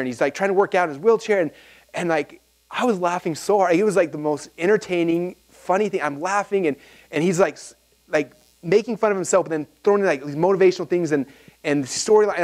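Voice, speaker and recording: A man giving a live seminar talk to an audience, animated and rambling with asides and restarts. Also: a little high. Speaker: seminar speaker. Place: event hall with audience.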